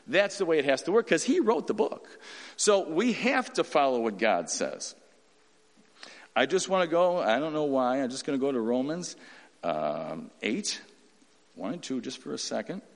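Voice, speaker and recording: Male pastor, folksy informal sermon, lively fairly high voice, long hall echo. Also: moderate pace. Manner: folksy and animated, acting out quotes in voices.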